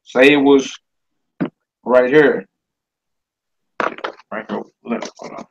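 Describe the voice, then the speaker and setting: A man's voice: medium pitch, takes it slowly, gravelly, highs cut off, a little hiss or hum. Laid-back man teaching a live-stream class. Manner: relaxed, chatty, talks to viewers as family. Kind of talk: casual live-stream lesson, reading viewer comments.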